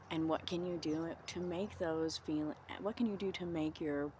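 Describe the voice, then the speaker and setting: A woman vlogging outdoors in the cold, talking through reflective self-help questions in a gentle, encouraging way. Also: low-pitched, slight background noise.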